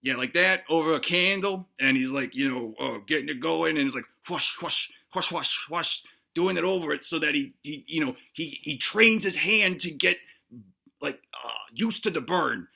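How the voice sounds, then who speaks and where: A man's voice: a little high, moderate pace, vocal fry, pushed and bright, heavily acted. A man playing a dim-witted, boastful cop who gives absurd fitness tips in a rambling, stammering comedic monologue. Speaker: comedy sketch performer.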